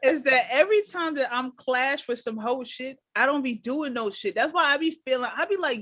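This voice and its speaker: A woman's voice: sits high, moderate pace, few pauses, dry recording. Dry-voiced woman telling stories in slang. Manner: animated storytelling, heavy slang and swearing. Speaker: podcast co-host. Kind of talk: casual chat.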